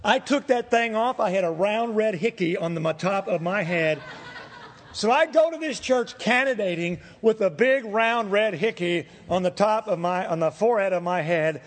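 High-voiced middle-aged pastor preaching in a hall. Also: male voice, moderate pace. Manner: animated storytelling with shifts in pitch. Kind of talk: sermon with personal stories. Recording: long hall reverb.

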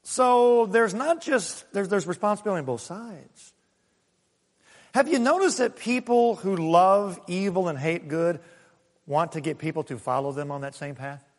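A man's voice: sits high, moderate pace, big-room sound. A male pastor preaching a sermon in a conversational way, telling stories and chuckling, then pressing his points with more force. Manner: swings from soft asides to raised emphatic points.

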